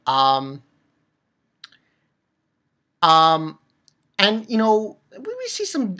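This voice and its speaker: A woman giving an excited, rambling recap of a manga chapter, swearing freely and restarting her sentences. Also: deep voice, slow pace, pauses often. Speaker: manga reviewer.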